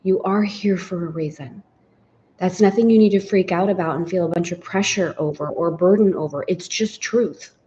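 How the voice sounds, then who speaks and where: A woman's voice: lowish voice, moderate pace, mellow, highs cut off, slight background noise. A woman teaching a guided spiritual lesson, reflective and personal, often speaking her inner thoughts aloud.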